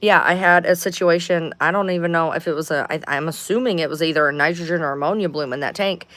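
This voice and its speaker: A woman's voice: low voice, quick pace, fairly bright tone, no echo. A woman hosting a casual livestream from home, rambling, swearing freely and sounding exasperated. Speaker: livestream host.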